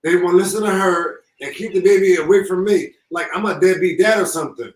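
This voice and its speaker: Grieving man on an echoey far-off line. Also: high voice. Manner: halting, repeats himself, impassioned. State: holding back tears. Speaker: grieving father, guest. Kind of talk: emotional live call-in.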